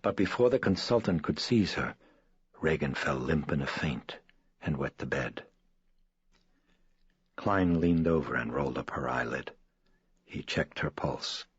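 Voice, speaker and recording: A man reading an audiobook in a measured, somber way. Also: expressive, slightly rough, no echo. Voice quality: very deep. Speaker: audiobook narrator. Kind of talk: scripted narration. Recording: dull dry studio read.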